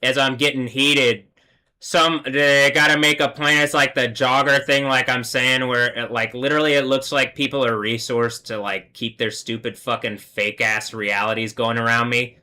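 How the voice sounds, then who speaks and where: A man's voice: mid-range voice, steady tone, moderate pace, clean tone. Man ranting furiously on a livestream. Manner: heated, profane, repetitive shouting tirade. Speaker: livestream host. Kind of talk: angry livestream rant.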